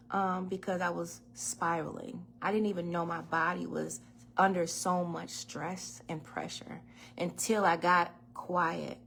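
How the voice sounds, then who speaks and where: Woman host, casual kitchen-livestream chat, slightly gravelly voice, laughs and curses freely. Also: lowish voice, steady tone, unhurried, pushed and bright, a little hiss or hum. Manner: chatty storyteller, laughs and swears freely. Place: home kitchen. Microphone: phone or webcam in a home kitchen.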